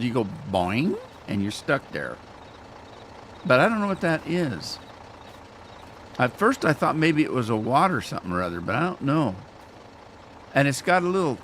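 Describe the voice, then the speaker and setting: A man talks through his gameplay as a streamer, joking in a self-mocking, rambling way. His mid-range voice swings up and down with a lot of life. Engine rumble and ambient game noise sit clearly underneath him. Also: fairly bright tone. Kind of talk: casual gameplay commentary.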